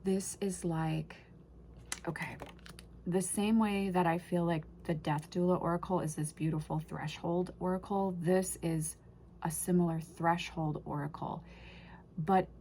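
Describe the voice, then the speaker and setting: A woman's voice: fairly low pitch, steady tone, a little slow, mellow, a little hiss or hum. A woman casually unboxing and reviewing an oracle deck, gushing and emotional, often trailing off and restarting her sentences.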